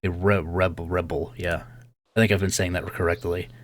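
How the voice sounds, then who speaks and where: A man's voice: low voice, little pitch movement, moderate pace. A man giving casual game commentary, chatty and thinking aloud, laughing often. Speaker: let's play host.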